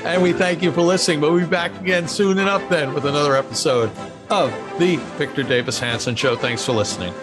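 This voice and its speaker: A man co-hosting a podcast, chatting and signing off the show in a friendly, halting way. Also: a little high, music in the background. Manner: friendly, hesitant with fillers. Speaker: podcast co-host. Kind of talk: casual chat, show sign-off.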